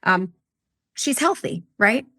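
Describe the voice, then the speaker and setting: A woman's voice: medium pitch, very animated, slow pace, pushed and bright. A woman co-hosting a podcast, talking casually as a health coach and explaining with client examples.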